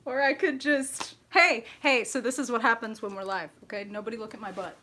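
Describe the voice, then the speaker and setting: A woman hosts a live tarot stream, chatting with her viewers in a bubbly way and laughing often. She talks briskly and greets viewers with high, excited shouts, and there's a slight hiss or hum in the recording.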